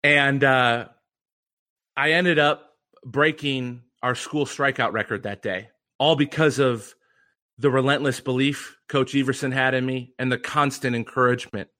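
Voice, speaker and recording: A man's voice: medium pitch, steady tone, a little slow, pushed and bright. A young man telling an earnest, reflective story as a podcast guest. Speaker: guest, former pitcher and mental conditioning coach.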